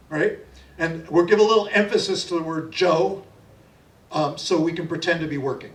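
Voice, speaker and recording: A man's voice: fairly high pitch, normal speed. A middle-aged man telling stories and leading an audience sing-along at a library event, chatty and folksy. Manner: chatty and folksy, leads call-and-response singing. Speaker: folk singer and storyteller. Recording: roomy sound from a distant mic.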